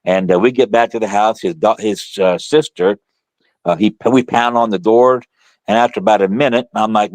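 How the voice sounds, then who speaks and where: A middle-aged man, a guest author, telling a story in casual conversation, animated and colloquial with frequent restarts. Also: lowish voice, a little fast, dry recording.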